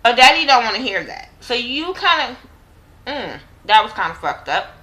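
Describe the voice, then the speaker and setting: A woman's voice: fairly high pitch, big pitch swings, normal speed, pushed and bright, rough recording. A woman casually recapping a TV drama episode with slang and profanity, acting out the characters' lines in quotes. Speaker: TV show reviewer.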